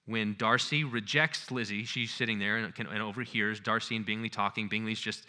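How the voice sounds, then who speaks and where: A male lecturer giving a conference talk in an animated, conversational way, acting out scenes as he goes. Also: fairly low pitch, fairly quick.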